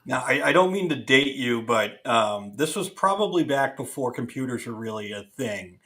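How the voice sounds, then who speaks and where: A man with a bright, forceful voice hosting a casual podcast interview. He asks questions in a friendly way and likes to tease his guest a little. His pitch sits at an ordinary middle level. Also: expressive, moderate pace. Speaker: podcast host.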